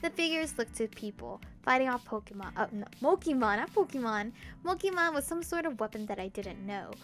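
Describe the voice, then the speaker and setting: A woman's voice: a little high, lively intonation, fairly quick, a bit bright. Young woman reading a visual novel aloud. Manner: chatty, self-deprecating asides. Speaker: game streamer.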